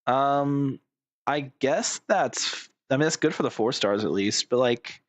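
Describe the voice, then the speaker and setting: A man's voice: medium pitch, animated, a little slow, dry recording. A man giving casual reaction commentary as a streamer, blunt, sarcastic and profane.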